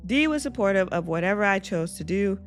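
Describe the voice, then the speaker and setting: A woman reading online stories aloud as host of her channel, breaking off into animated asides and reactions. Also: medium pitch, a little fast, faint music behind. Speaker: reddit story reader and reactor.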